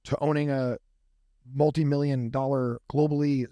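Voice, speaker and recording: A man's voice: mid-range voice, level tone, normal speed, dark tone, dry recording. A man talking as a podcast guest and company founder, telling stories casually and animatedly, swearing freely and acting out the people in them. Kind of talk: casual storytelling. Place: podcast studio room.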